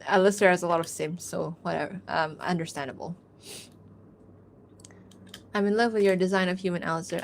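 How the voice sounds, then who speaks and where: A woman's voice: medium pitch, gravelly, slight background noise. A young woman chatting casually on a drawing stream, rambling with lots of fillers and frequent laughs. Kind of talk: casual livestream chat while drawing.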